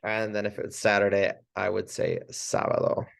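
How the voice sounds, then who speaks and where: A man's voice: fairly low pitch, fairly even intonation, normal speed, vocal fry. A man teaching a casual training session, talking loosely with restarts and short laughs. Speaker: chiropractic trainer.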